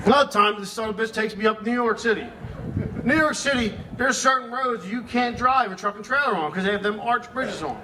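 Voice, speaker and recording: A man with a high voice, a few drinks in, tells stories about a lost friend in blunt, profane bursts and chuckles his way through them. Steady background noise runs under the live room recording. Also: brisk. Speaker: friend giving a eulogy. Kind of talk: rambling profane storytelling. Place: memorial gathering.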